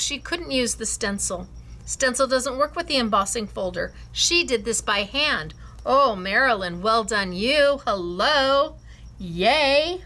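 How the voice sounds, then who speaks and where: Enthusiastic craft-class host, woman, bright tone, slow easy delivery, gushes over students' work. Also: medium pitch. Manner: enthusiastic, gushing, laughs often. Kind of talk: showing and praising students' cards.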